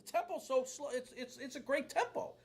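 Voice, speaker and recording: A man's voice: very high-pitched, brisk, music in the background. A man teaching drums in a casual video lesson, rambling and joking at his own expense. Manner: rambling, joking, self-deprecating. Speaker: drum teacher. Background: loud drum kit playing.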